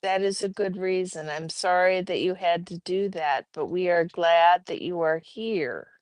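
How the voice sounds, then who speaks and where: A woman's voice: fairly low pitch, a little slow, no echo. A woman hosting a casual livestream from home, chatting with viewers and addressing them by name. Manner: chatty, talks to chat viewers and her pets by name. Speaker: livestream host. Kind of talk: casual chat reading viewer comments.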